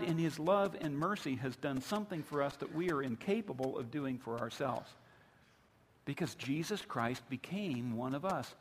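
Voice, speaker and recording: A man's voice: mid-range voice, lively intonation, moderate pace, breathy edge. A male pastor preaching a sermon, building with emphatic repetition. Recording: long hall reverb.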